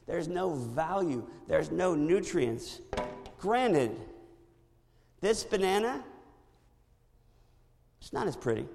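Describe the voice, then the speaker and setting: Gravelly-voiced pastor preaching in a hall. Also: male voice, a little high. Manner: animated storytelling with impressions. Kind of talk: sermon.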